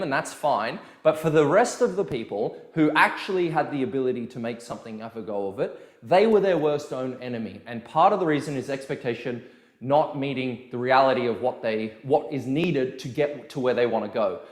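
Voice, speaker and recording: A man's voice: mid-range voice, roomy sound. A man who coaches dance, talking casually to viewers and telling stories with quoted dialogue. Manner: chatty, animated storytelling with quoted dialogue. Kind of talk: casual video lesson.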